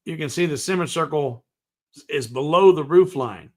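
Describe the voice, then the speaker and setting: A man with a fairly high voice speaks at a normal pace while hosting a woodworking livestream from his workshop. His style is loose and folksy; he hums to himself as he works and reads viewer comments aloud, answering them in a casual live tutorial chat.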